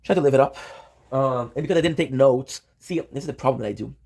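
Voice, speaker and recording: A man's voice: medium pitch, fast talker, vocal fry, a little mellow. A man streaming live, chatting casually and rambling, often talking to himself and swearing offhand.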